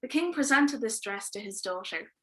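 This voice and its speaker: A woman telling a fairy tale on a livestream, lively and informal, with wry asides. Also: a little high, moderate pace, a little hiss or hum. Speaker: storyteller. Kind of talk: oral storytelling performance on a livestream.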